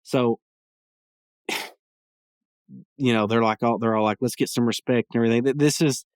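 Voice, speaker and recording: A man's voice: mid-range voice, steady tone, measured pace, clean tone, dry recording, studio quality. A young man hosting a podcast, casually recapping a cartoon episode in a rambling way and chuckling as he acts out lines. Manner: rambling, laughs while retelling scenes, acts out lines. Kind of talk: casual solo commentary.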